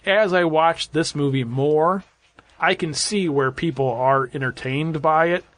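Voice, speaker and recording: A man's voice: fairly high pitch, a little slow, fairly bright tone. A man in his thirties or forties, a podcast co-host reviewing a horror film in a rambling, casual way with lots of fillers and restarts. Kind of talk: casual movie review chat.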